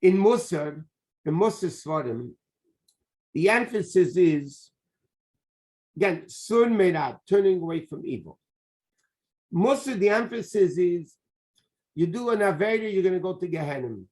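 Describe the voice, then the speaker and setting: A man, a rabbi, teaching a lively Torah class, repeating key phrases and sprinkling in Hebrew and Yiddish terms. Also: high voice, a little slow, pauses often.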